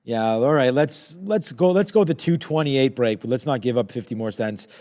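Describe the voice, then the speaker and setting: A man's voice: mid-range voice, lively intonation, normal speed, a little mellow. A man co-hosting a live trading stream, thinking aloud as he scans coin prices and stock charts. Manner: rambling, thinks aloud while scanning charts. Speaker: co-host of a live trading show. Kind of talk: casual live-stream market talk.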